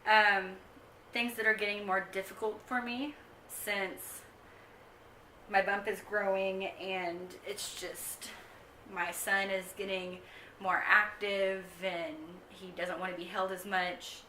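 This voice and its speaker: Young woman vlogger, casual rambling chat, bright tone, roomy distant camera sound. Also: mid-range voice, little pitch movement, slow, slight background noise. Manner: chatty, rambling with frequent ums. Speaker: vlogger giving a pregnancy update. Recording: echoey room, mic set back.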